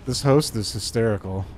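A man's voice: fairly low pitch, darkish tone, a little hiss or hum. A man streaming an online game and talking through it live, playful and joking. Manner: playful and joking, with bursts of laughter and silly sounds. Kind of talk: live gameplay commentary.

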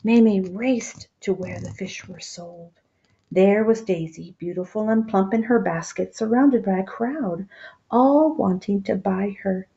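A woman reads a children's picture book aloud at a slow, unhurried pace, stopping to explain the story to young listeners. Her voice is dark and mellow, and the recording sounds dull and lo-fi. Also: medium pitch, gravelly. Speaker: storybook reader.

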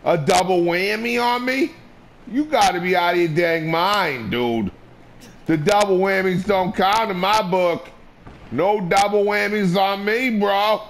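A man's voice: high voice, a little slow. A man trash-talking and taunting through a let's play, cursing and repeating short phrases over and over. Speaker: gamer.

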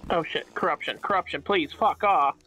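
A man chatting casually while playing a video game, reacting excitably with frequent swearing. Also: a little high, normal speed, a little hiss or hum. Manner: excitable, swears often in exclamations. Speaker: gamer. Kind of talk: casual gaming chat.

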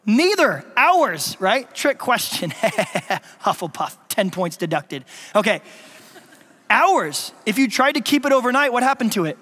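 High-voiced pastor in a reverberant church. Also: male voice, sing-song, unhurried, a bit bright, husky. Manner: playful, quizzes the congregation with questions. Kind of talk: sermon. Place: church sanctuary. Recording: long reverb of a church hall.

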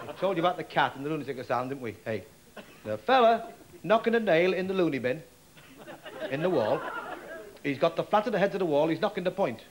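A man's voice: a little high, animated, quick pace, pauses often, slight background noise. A male comedian telling jokes in a chatty, chuckling manner. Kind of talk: stand-up joke telling.

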